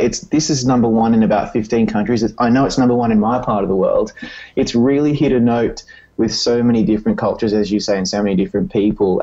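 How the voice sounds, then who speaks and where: A man's voice: mid-range voice, warm tone, highs cut off. A man interviewing a guest, asking hesitant questions full of fillers. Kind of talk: recorded audio interview.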